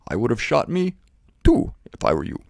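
A man's voice: medium pitch, wildly swooping pitch, moderate pace, creaky, a little mellow, dry recording, studio quality, full character voice. A man voicing a forgiving pet dog who can suddenly talk and admits he barked too much. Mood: apologetic. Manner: sheepish, confessing.

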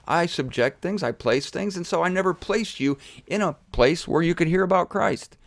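A man giving a casual, joking Bible teaching to camera, irreverent and animated. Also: high voice, normal speed, creaky, no room sound, studio quality.

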